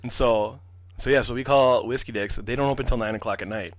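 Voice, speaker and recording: Fast-talking young man telling a story. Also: medium pitch, no echo. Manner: animated, profane, acts out quotes. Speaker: podcast guest. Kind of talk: casual storytelling.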